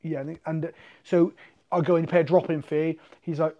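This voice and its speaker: A man, a fighter as podcast guest, telling lively stories and acting out conversations. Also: on the high side, brisk, dull audio. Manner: animated, swearing, acts out quoted exchanges. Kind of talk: casual storytelling.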